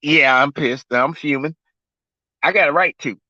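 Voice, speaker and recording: A fuming man in his forties rants about his team on a sports livestream, swearing with heavy emphasis. His voice is bright and forceful. The sound is dry and somewhat muffled. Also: a little high, moderate pace, dry recording. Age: 40s. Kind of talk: ranting sports livestream chat.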